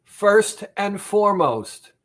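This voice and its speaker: A man, a therapist, speaking directly to the listener about weight loss in a deliberate, repetitive, emphatic monologue. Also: sits high, very animated, a bit bright.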